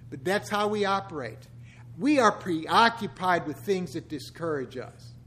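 An older male pastor preaching in a church, his voice pitched notably high for a man. He delivers the sermon in a loose, conversational way and drops in wry, joking asides as he goes. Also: lively intonation, a little slow, a bit bright.

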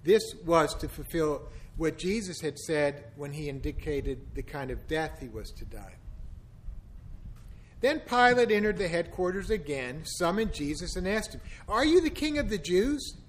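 A man reads scripture aloud in a steady, solemn, measured voice. His pitch sits a little high for a man. Each phrase is set down with care. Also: poor audio. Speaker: scripture reader.

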